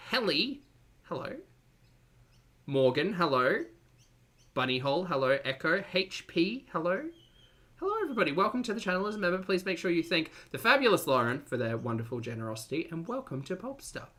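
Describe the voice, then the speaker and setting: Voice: mid-range voice, bright, forceful tone. A streamer doing casual live-stream commentary, wry and exasperated. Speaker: streamer reacting to videos.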